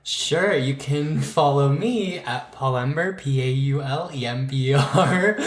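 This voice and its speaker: A man's voice: medium pitch, unhurried, hardly any pauses. Man from pittsburgh, podcast co-host, sassy joking slang, casual chat, roomy echo. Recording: echoey room.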